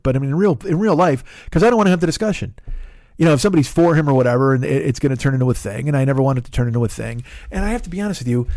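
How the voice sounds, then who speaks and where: Middle-aged male comedian, gravelly, profane, rambling self-deprecating monologue. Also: on the high side, a little mellow, dry recording, studio quality. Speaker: comedian and podcast host.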